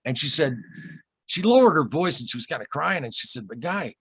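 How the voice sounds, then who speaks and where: Earnest husky man telling a strange story. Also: on the high side, big pitch swings, a bit bright. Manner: earnest, halting, repeats himself, emotional. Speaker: podcast guest, UFO experiencer. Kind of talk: emotional storytelling interview.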